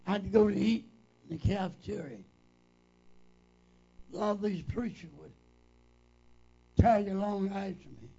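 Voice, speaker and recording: An older male preacher with a deeply gravelly, creaky voice that still sits fairly high for a man. He tells his stories slowly and folksily, looping back through "said" as he retells old conversations. The recording is dull and lo-fi. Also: warm tone. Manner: folksy, repetitive, retells dialogue with "said". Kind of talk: reminiscing storytelling.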